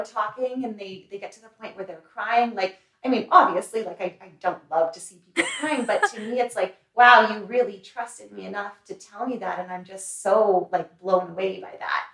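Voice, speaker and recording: A young woman who owns a salon, answering interview questions in a chatty, earnest way with many fillers. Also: mid-range voice. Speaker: salon owner and hair remover. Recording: echoey room, mic a little distant.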